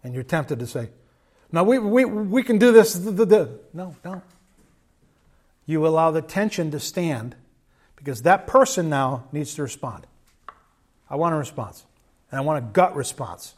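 Middle-aged guy giving a sermon, kinda high voice, calm and earnest, does little quoted bits. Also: breathy edge. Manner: measured, earnest, with quoted asides. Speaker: pastor.

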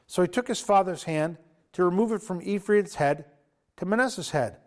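A man preaching an informal sermon at an evening fellowship, retelling a story in a lively, conversational way. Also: sits high, normal speed. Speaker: pastor.

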